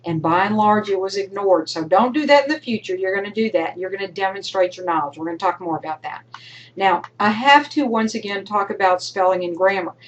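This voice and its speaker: A woman's voice: medium pitch, fairly quick, lo-fi sound, a little hiss or hum. A woman college instructor giving recorded feedback to her students, emphatic and coaching, sometimes acting out imagined student voices. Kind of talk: recorded lecture to online students.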